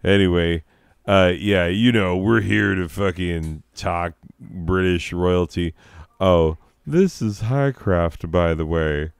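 A high man rambling crudely and joking as he hosts his own gameplay commentary. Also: takes it slowly, gravelly, clean tone, dry recording. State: high on drugs. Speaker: let's play host. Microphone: own desk microphone.

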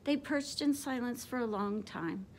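A woman teacher reading a picture book aloud to children, expressive and animated. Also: on the high side, a little slow, a little hiss or hum.

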